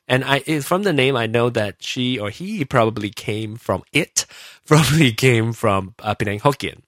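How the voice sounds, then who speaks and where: A man's voice: mid-range voice, animated, moderate pace, a bit bright, no room sound. Rambling, self-mocking male podcast host. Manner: rambling and self-mocking, many fillers and restarts. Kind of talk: casual solo podcast chat.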